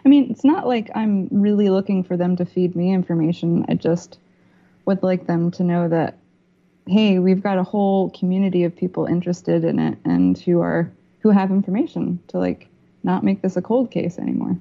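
Low gravelly woman, dull call audio, measured guest talk. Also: lively intonation. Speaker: filmmaker guest. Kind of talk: podcast interview over video call. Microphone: video call.

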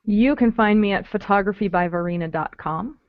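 A woman photographer chats as a guest on a podcast, bubbly and quick to laugh. Her mid-pitched voice comes through dry and muffled. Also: no echo. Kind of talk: casual interview chat.

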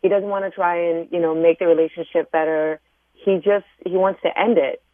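A woman's voice: fairly low pitch, fairly even intonation, a little fast, no room sound. A woman calling in to a radio advice show, earnest and shaken as she asks for help. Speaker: caller. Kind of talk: call-in radio conversation. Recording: tinny phone line.

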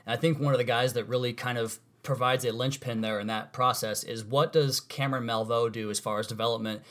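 A man's voice: mid-range voice, fairly even intonation, fairly quick, a bit bright. Man hosting a sports podcast. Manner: leads with long multi-part questions, self-deprecating asides. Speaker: podcast host. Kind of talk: casual sports podcast interview.

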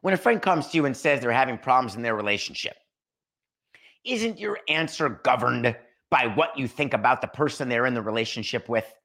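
A man hosting a solo sports podcast, talking in a sarcastic, animated way and acting out little scenes. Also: medium pitch, a little fast, gravelly. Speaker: podcast host.

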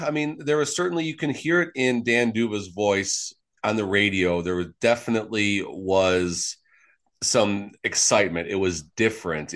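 A man's voice: on the low side, fairly bright tone. A man co-hosting a sports podcast in casual chat, rambling with many fillers and restarts. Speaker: podcast co-host.

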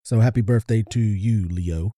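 A man co-hosting a podcast, reading birthday shout-outs in a plain, understated way. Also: on the low side, moderate pace, dry recording, clean studio sound. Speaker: podcast co-host.

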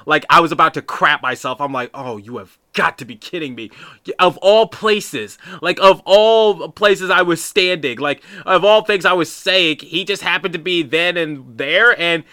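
Bright-voiced, rambling male podcast host. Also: high voice, a little slow, hardly any pauses, clear, resonant tone. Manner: rambling, with many restarts and asides. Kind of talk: casual storytelling monologue.

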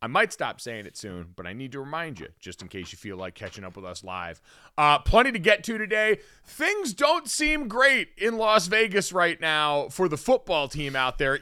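A young man co-hosting a casual sports talk show, quick and teasing. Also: on the high side, sharp tone, smooth, dry recording, studio quality. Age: young adult. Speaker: co-host.

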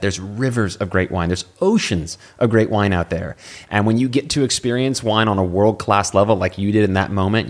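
A man's voice: lowish voice, brisk. A middle-aged man from California, a guest telling stories eagerly in casual conversation. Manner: enthusiastic storyteller.

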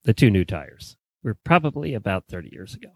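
A man from Florida co-hosts a casual podcast, his voice moving lively up and down. He makes wry asides and laughs easily, recorded dry and close. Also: on the low side, brisk, dry recording. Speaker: podcast co-host. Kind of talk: casual chat.

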